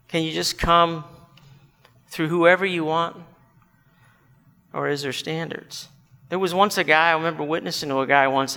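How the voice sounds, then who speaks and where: Male pastor, earnest sermon, high bright gravelly voice, long hall reverb. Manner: earnest, questioning, storytelling.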